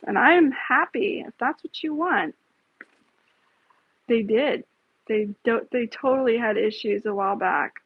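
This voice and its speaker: A woman's voice: on the high side, husky, dry recording. A woman hosting a casual live stream, talking bluntly, with frequent swearing and rambling asides. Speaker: livestream host. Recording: tinny phone-like, dry sound.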